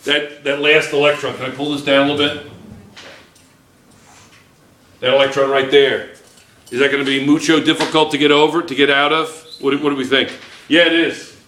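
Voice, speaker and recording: A man's voice: fairly high pitch, little pitch movement, fast, fairly bright tone, slight background noise. A man teaching chemistry to a class, playful and joking, firing questions at his students. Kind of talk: classroom lecture. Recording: echoey classroom.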